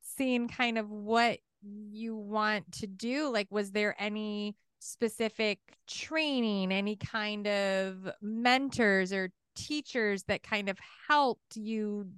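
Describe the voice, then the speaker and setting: A woman hosting an interview, asking halting questions full of fillers. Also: mid-range voice, fairly even intonation, fairly bright tone, clear, resonant tone, dry recording, studio quality. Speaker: interviewer, host. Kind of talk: casual interview chat.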